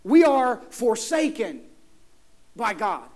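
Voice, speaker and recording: A man's voice: very high voice, big pitch swings, takes it slowly, full character voice. Brief: anxious protesting young man, incredulous and pleading, put on by a preacher.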